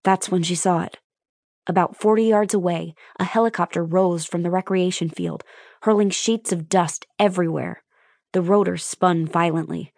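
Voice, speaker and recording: A woman with a lowish voice reads a suspense audiobook in a steady, measured way. The recording is close and very dry, with no room sound at all. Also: dry recording. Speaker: audiobook narrator. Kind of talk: scripted narration.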